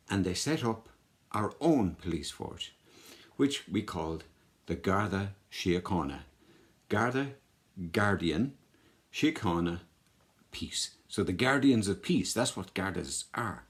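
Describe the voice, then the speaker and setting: Man explaining history to kids. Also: fairly low pitch. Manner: relaxed, halting, with many fillers. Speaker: children's history presenter.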